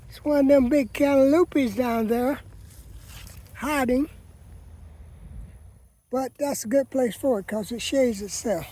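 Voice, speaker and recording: In this casual garden walkabout vlog, a man with a very high-pitched, mellow voice strolls through his vegetable garden and talks folksily to viewers, often calling them "people." He speaks at a slow pace with long pauses.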